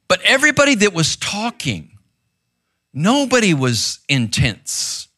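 Man, pastor, sermon, bright tone, dry close recording, intense conversational delivery. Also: high voice, wildly swooping pitch, unhurried, no echo. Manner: conversational, intense, frequent "right?" asides. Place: church room, seated on a stool.

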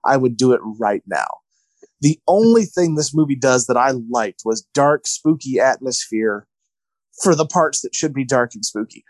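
Man, podcast co-host, casual chat, exasperated ranting retelling, slightly high voice, dry close recording. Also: no room sound.

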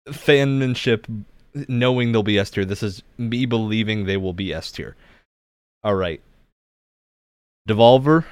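A low-pitched man hosts a podcast and runs a tier list with theatrical flair. He delivers his picks like grand proclamations, in a dry, close-miked sound. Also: clear, resonant tone, dry recording. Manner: theatrical, mock-grand announcements. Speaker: podcast host.

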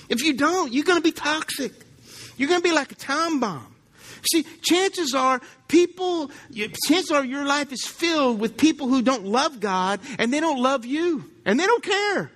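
High-voiced preacher. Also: male voice, fairly bright tone. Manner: conversational, asks the congregation questions. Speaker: pastor. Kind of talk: sermon. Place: church.

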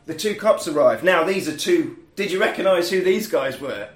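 A man, hosting a casual podcast and recapping a film with lively put-on voices for the characters. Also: fairly high pitch, normal speed, reverberant, soft background music. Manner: animated, acts out film lines in put-on voices. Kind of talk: casual chat.

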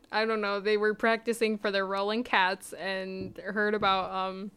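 Chatty woman with a smooth, clear voice. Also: mid-range voice, level tone, a little slow. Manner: chatty, dips into hushed spooky narration. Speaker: podcast host. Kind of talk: casual storytelling podcast.

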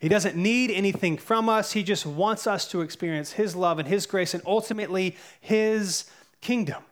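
A man's voice: high voice, normal speed. Earnest man preaching a sermon. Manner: earnest, conversational preaching with fillers and self-corrections. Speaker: pastor.

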